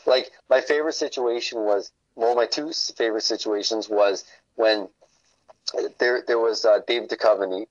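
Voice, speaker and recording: A man's voice: fairly low pitch, steady tone, normal speed, dry recording. Guy rambling and cursing on a podcast, dull muffled audio, dry. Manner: rambling, profane storytelling. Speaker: podcast guest. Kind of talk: casual chat.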